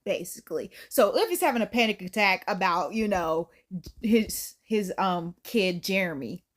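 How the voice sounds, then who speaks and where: A young woman casually recapping a movie, telling it with animated, incredulous slang. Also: mid-range voice, normal speed. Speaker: movie reviewer.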